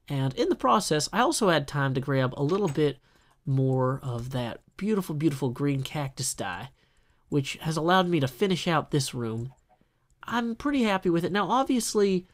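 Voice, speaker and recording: A man casually talking through his building work in a video game, chatty and self-deprecating, with jokey asides. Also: fairly high pitch. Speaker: gameplay video host. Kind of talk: casual solo gameplay commentary.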